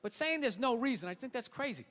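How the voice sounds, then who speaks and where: A man's voice: very high voice, animated, quick pace, fairly bright tone. A man performing a stand-up comedy routine, ranting through a profane, exasperated story.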